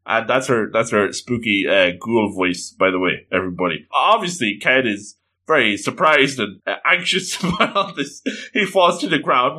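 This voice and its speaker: A man reading a comic book aloud, with animated, laughing comic asides and exclamations. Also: medium pitch, moderate pace. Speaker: reader and commentator. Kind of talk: comedic comic-book read-along.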